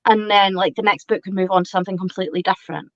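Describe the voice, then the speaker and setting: A woman's voice: mid-range voice, steady tone, rapid-fire, no room sound. A woman with a Scottish accent chatting casually, rambling with lots of fillers. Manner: rambling, hedging with fillers, giggly. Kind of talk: casual chat. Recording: dry, muffled lo-fi audio.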